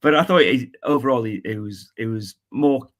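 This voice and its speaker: A man on a podcast panel, chatting casually in a halting way with frequent laughs. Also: mid-range voice. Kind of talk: casual chat.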